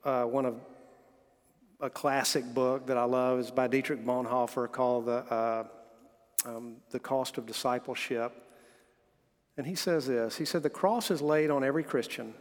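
A man preaching a sermon in a church sanctuary, his voice carrying a long hall reverb. He speaks earnestly at a middle pitch, weaving stories and scripture readings into his message. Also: fairly even intonation, normal speed. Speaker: pastor.

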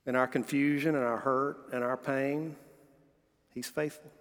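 A man's voice: mid-range voice, flat delivery, a little slow, a bit bright, big-room sound. A man delivering a sermon as pastor, earnestly preaching, telling stories and reading scripture aloud.

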